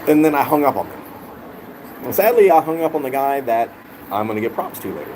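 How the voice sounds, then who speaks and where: A man's voice: medium pitch, fast, a little hiss or hum, poor audio. A man vlogger telling a rant-style story with heavy swearing and a lot of repetition. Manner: animated, profane, repeats himself.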